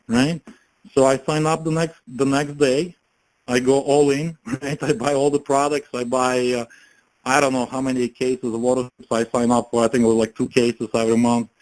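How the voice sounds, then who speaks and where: A man's voice: mid-range voice, a little mellow, rough recording. Chatty man giving a motivational talk. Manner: chatty, keeps asking the listeners rhetorical questions. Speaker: network marketing presenter.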